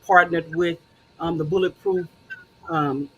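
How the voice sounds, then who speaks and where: A woman's voice: lowish voice, steady tone, measured pace, fairly bright tone, lo-fi sound, slight background noise. A woman hosting a casual talk show, encouraging and conversational, with frequent fillers.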